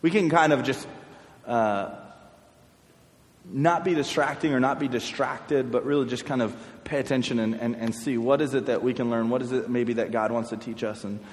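A man's voice: mid-range voice, steady tone, normal speed. A man preaching informally to a youth group in a church hall. His talk is chatty and loose, often repeating words. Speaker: youth pastor. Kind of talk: casual youth sermon. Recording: echoey hall with long reverb.

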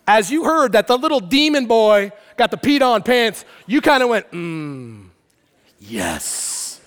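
A man from Arizona, a pastor, preaching a sermon through an animated, playful comic story that swings between loud and quiet. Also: very high voice, moderate pace. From Arizona, USA. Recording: long reverb of a large hall.

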